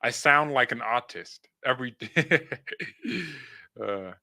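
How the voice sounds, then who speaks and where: Young male fan-channel host, rambly casual chat, tense bright tone, speech a bit off from dental work. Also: mid-range voice, lively intonation, slow pace. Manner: rambling, repeats words and restarts, laughs at himself.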